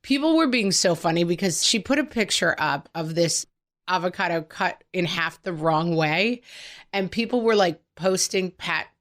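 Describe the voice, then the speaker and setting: Mom podcast host chatting away, lively storyteller, slightly low voice. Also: female voice, moderate pace. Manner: animated storytelling, quoting family in character. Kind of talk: casual podcast chat.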